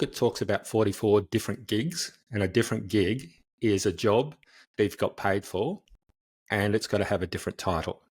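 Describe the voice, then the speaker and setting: A middle-aged man speaking as a podcast guest, answering in a conversational, storytelling way and acting out how other people react. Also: fairly low pitch. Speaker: podcast guest, change specialist.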